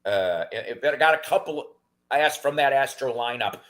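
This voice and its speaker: A man's voice: mid-range voice, moderate pace. A middle-aged man rambling through casual stories in a chat, with lots of fillers and restarts. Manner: rambling and animated, with many fillers.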